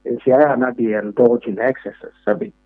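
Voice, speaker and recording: A man's voice: medium pitch, fairly even intonation, moderate pace, narrow, tinny audio. A man with a Ghanaian accent, a government official speaking emphatically in a radio interview, repeating filler words as he makes his points. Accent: Ghanaian English. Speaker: deputy defense minister.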